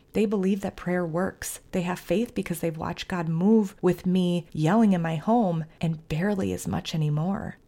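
Earnest woman giving calm parenting advice. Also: lowish voice. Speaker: podcast host, family therapist. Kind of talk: faith-based parenting advice talk.

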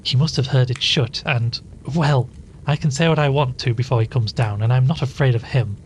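Hushed gossipy sister, a man doing her, blurts things out. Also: medium pitch, moderate pace, slight background noise, lightly acted. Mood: grumbling. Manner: hushed, abrupt. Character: fretful, gossiping married sister. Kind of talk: read-aloud storytelling.

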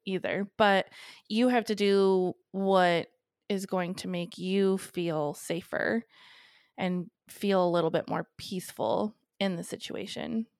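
A woman's voice: mid-range voice, smooth, no echo, clean studio sound. A woman co-hosting a podcast, talking in a supportive, reflective, reassuring way. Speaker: podcast co-host. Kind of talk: casual chat.

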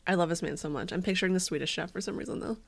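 A woman's voice: fairly low pitch, rapid-fire, creaky. A woman co-hosting a podcast in playful, joking casual chat that is full of swearing. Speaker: podcast co-host.

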